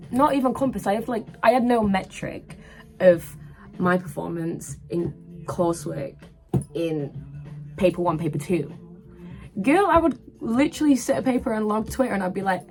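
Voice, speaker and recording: A twenty-year-old woman from England, telling a personal story casually in her room, animated and full of "like" and "literally". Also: mid-range voice, normal speed, faint music behind, rough recording. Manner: animated, breathless retelling with lots of "like" and "literally". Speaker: vlogger. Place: her own room at university.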